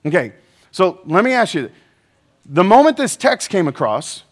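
A man preaching a sermon to a live audience, energetic and joking, often asking the crowd questions. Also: sits high, normal speed. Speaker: pastor.

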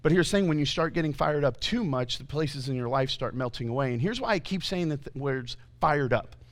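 A man's voice: a little high, fairly quick. A man preaching a conversational sermon in a church, telling stories and talking back and forth with the congregation. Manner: conversational, animated storytelling with audience asides. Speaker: pastor.

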